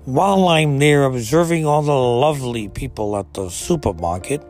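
A man's voice: medium pitch, moderate pace, a little mellow, faint music behind. A man delivering a profane, exasperated comedic rant, swearing freely and climbing into outbursts. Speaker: ranting commentator.

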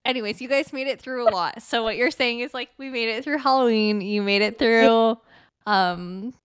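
A woman's voice: fairly high pitch, normal speed, clean tone, no room sound, clean studio sound. A woman co-hosting a casual podcast, friendly, prompting her friend with questions and fillers. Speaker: podcast co-host. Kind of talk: casual chat.

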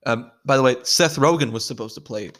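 A man's voice: medium pitch, fairly quick, a bit bright. A man giving a casual spoken film review, blunt and profane, restarting sentences and filling gaps with "um" and "like". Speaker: movie reviewer.

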